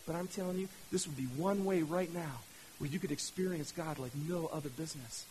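A man's voice: a little high, brisk, a little mellow, a little hiss or hum, poor audio. A man preaching a sermon as pastor, fired up and often restarting his words. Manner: fired-up, repetitive, stammering restarts.

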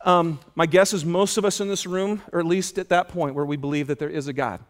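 A man preaching a sermon in an auditorium, telling stories with lively acted-out dialogue. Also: brisk. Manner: animated storytelling, acts out dialogue with loud high shouts. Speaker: pastor.

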